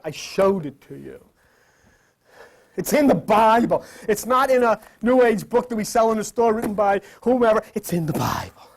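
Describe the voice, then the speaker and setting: A high-pitched man leads a Bible lesson that sounds like a sermon. He repeats himself emphatically, his volume rising and dropping to a whisper, and he regularly quizzes those listening.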